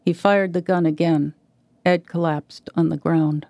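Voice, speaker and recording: Woman reading literary fiction; gravelly, dark, dry sound, measured delivery. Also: low voice, fairly even intonation, no room sound. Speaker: guest reader.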